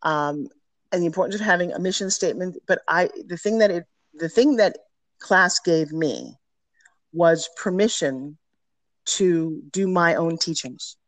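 A woman's voice: fairly low pitch, unhurried, dry recording. Middle-aged woman guest on an interview, punchy emphatic storyteller, dry close sound. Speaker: podcast guest, personal development teacher.

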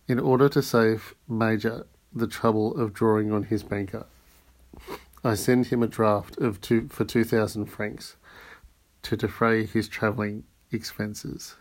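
A man's voice: lowish voice, a little mellow, close to an everyday voice. The Count, a composed nobleman, read by a man. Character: composed, courteous wealthy nobleman, male.

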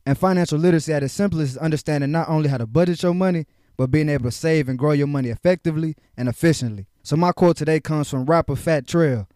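Upbeat slangy young podcast host. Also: male voice, on the high side, fast talker, mellow, dry recording, clean studio sound. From Houston. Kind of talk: casual podcast chat.

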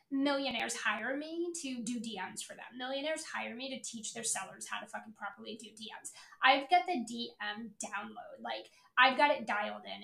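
A creaky, high-sitting, slightly bright voice echoes through the room as a middle-aged woman coaches listeners on selling. Her podcast rant is blunt and motivational, delivered with brash emphasis and plenty of profanity.

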